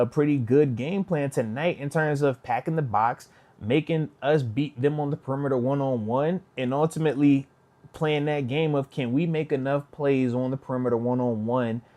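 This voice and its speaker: A man in his thirties hosts a live post-game show, reacting casually with lots of energy. He talks straight to his viewers and keeps his delivery loose. His voice sits in an ordinary middle pitch. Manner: animated, talks to chat, quotes players in put-on voices. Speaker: host, retired linebacker giving post-game reaction.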